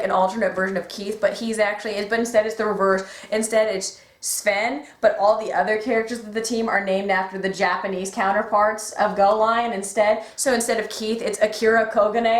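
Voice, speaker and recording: A woman in casual fan chat, excitable and gushing, acting out quotes as she talks. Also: mid-range voice, fairly quick, hardly any pauses. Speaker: podcast guest. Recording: echoey room.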